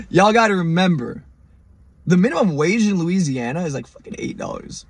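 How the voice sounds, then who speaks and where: A young man hosting a podcast, telling a story in an animated, profane way and mimicking the people in it. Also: sits high, husky. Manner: animated, profane, mimics others in quoted lines. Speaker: podcast host. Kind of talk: storytelling monologue.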